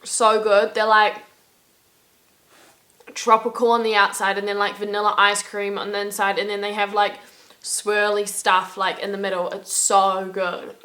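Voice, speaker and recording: Bright, chatty young woman vlogging. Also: mid-range voice, monotone, unhurried. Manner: chatty, peppered with "like"; upbeat, laughs at her own stories. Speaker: travel vlogger. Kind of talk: casual vlog chat to camera.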